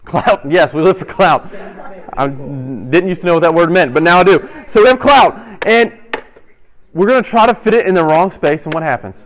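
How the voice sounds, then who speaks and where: A man's voice: on the high side, a bit bright. Playful young man preaching to youth. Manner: playful, quizzes the audience, quick asides. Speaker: youth pastor. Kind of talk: interactive sermon to youth. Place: church hall with audience.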